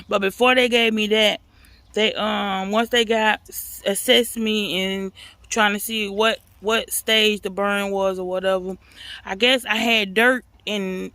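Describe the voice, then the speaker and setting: A woman vlogger telling a personal story in a casual, animated way, talking straight to her viewers. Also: medium pitch, dry recording.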